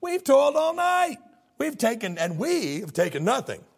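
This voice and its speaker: A man's voice: very high-pitched, very animated, normal speed, creaky, slight background noise, voice pushed up, heavily acted. A man voicing a stubborn, put-upon male fisherman who complains in an exasperated way. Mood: protesting.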